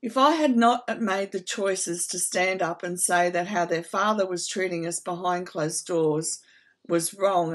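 A middle-aged woman hosting a casual advice talk, speaking earnestly and from the heart, often checking in with her listeners. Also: on the low side. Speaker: host.

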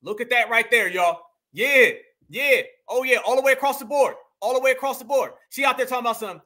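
A man hosting a commentary show, reacting to video clips in an animated, scolding way with lots of slang. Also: very high voice, brisk. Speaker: commentary host.

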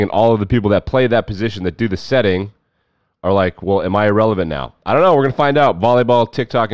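A man hosting casual sports commentary, sarcastic, jumping between loud bursts and low muttering. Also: no echo, clean studio sound.

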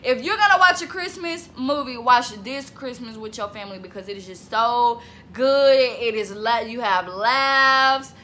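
A woman of twenty chatting casually to camera in a vlog, lively and talkative, breaking into bits of song. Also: fairly high pitch, a little slow, slight background noise. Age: 20s. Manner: chatty, animated, laughs and sings bits. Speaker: vlogger.

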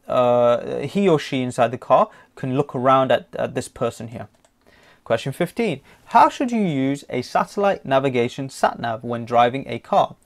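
Chatty man teaching. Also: mid-range voice. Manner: chatty, repetitive, jokey, many fillers. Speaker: driving theory teacher. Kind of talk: online lesson, reading quiz questions.

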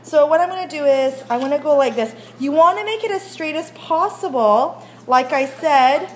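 A woman's voice: high voice, animated, normal speed, a little hiss or hum. A woman teacher leading a baking demonstration in a school classroom kitchen, chatty and often checking that her students follow, recorded on a phone. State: out of breath while rolling dough.

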